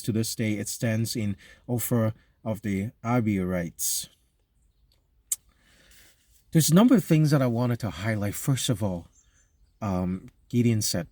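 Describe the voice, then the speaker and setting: Pastor, male, mellow tone, dry close sound, chatty sermon full of ums and restarts. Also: medium pitch, dry recording. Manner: conversational, halting with many fillers and restarts. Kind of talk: sermon reading scripture and explaining it.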